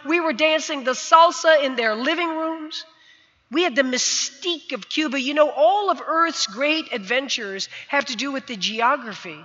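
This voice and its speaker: A woman's voice: sits high, moderate pace, bright, forceful tone. A woman in her sixties from the United States, giving a vivid personal storytelling speech on a stage. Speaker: speaker. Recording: dull sound, long hall reverb.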